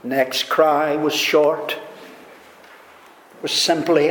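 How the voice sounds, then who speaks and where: A man delivers a sermon at a measured, unhurried pace, leaning into emphatic rises. His fairly high voice rings through a big, echoing hall. A faint room hum sits underneath. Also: steady tone. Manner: slow, deliberate preaching with rising emphatic swells. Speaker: preacher. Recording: echoey hall reverb, faint room noise.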